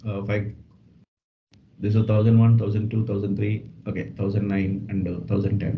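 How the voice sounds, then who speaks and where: A man's voice: fairly low pitch, gravelly. A man teaching a live online programming class, explaining step by step and repeating himself with frequent "okay" fillers. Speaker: programming instructor. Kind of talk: live coding lesson. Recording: dull lo-fi online class audio with faint hiss.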